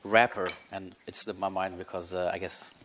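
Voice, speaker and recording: A man's voice: low-pitched, flat delivery, moderate pace, fairly bright tone, a little hiss or hum. A man with a South African accent hosting a casual kitchen chat on a headset, upbeat and joking as he leads toasts. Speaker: host of a food magazine show.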